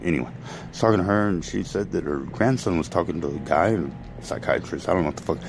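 Deep gravelly man ranting. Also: fast talker, over music, rough recording. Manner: profane, ranting, self-interrupting. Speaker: vlogger. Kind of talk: rambling monologue to followers.

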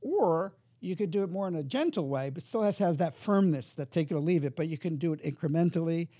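A man's voice: on the high side, lively intonation, fast talker, dark tone, no echo, studio quality. A man, a hypnotherapist guest in an interview, explaining his ideas and acting out voices in his anecdotes. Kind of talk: interview conversation.

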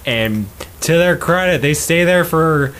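A man with a somewhat high voice talks casually on a podcast, recapping a film. He is loose and profane and keeps dropping into short character voices. A faint hiss sits under the recording. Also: expressive, a bit bright. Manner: loose, profane, acts out characters in quick bits. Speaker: podcast co-host. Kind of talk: casual chat recapping a movie.

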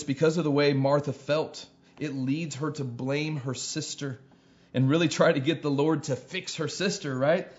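Male pastor preaching, earnest and repetitive, slightly high voice, dull lo-fi recording. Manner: earnest, repeats phrases, rises to emphatic peaks. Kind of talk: sermon. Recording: dull lo-fi sound.

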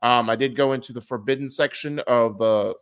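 A man co-hosting a casual gaming podcast, chatting in an animated, joking way. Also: mid-range voice, clean tone. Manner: animated and joking, quick to laugh. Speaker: podcast co-host.

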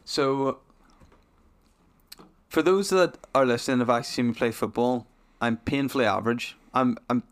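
A man's voice: medium pitch, normal speed, pauses often. A man co-hosting a podcast, chatting casually in a rambling, self-deprecating, playful way. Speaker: podcast co-host. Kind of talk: casual chat.

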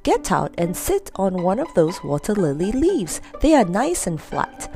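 A woman puts on a clockwork clown toy from a storybook, practical and a little worried as he gives advice. The voice is mellow and soft. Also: medium pitch, very animated, unhurried, soft background music.

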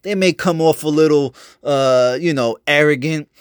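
A man's voice: fairly high pitch, moderate pace, clean tone, no echo, clean studio sound. A young man ranting casually about his baseball team, cursing freely and trash talking, with lots of fillers and restarts. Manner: profane, fired-up trash talk with many fillers and restarts. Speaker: sports fan vlogger. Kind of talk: casual fan rant.

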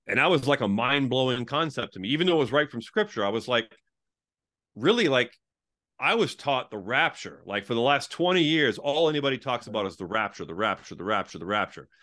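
A man's voice: medium pitch, expressive, fairly quick, sharp tone. A middle-aged man talking as an interview guest, a former pastor, in casual storytelling, saying "like" often and acting out the people he quotes. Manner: chatty, peppered with "like", acts out quoted dialogue.

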